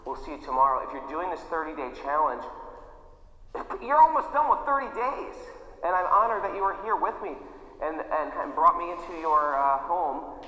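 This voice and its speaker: A man's voice: a little high, fairly quick, sharp tone. A man guiding a yoga class with short cues, chatty and playful, joking about himself between poses. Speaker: yoga instructor. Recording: echoey room with long reverb, dull lo-fi sound.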